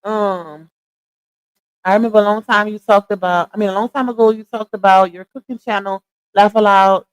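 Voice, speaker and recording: A woman's voice: mid-range voice, no echo. A young woman with a Louisiana Southern accent, chatting casually with her livestream viewers and laughing often. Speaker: livestream host.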